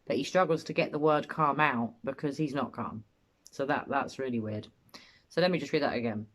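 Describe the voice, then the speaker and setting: A woman's voice: very deep voice, fairly quick. A British woman giving opinionated, blunt analysis as host of a commentary video.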